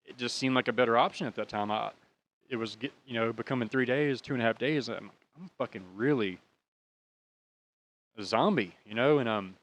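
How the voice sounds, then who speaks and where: Brisk and a bit bright, the mid-range voice belongs to a young American man hosting a podcast. He wanders through a personal story, swearing freely, his casual talk charged with feeling.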